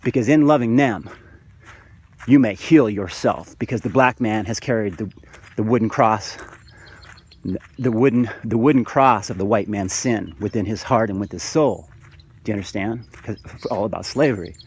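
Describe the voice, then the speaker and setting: A man's voice: lowish voice, moderate pace, darkish tone, slightly rough. A man in a spiritual monologue to camera, fervent and preachy, rambling with restarts and calling the viewers "guys". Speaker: vlogger.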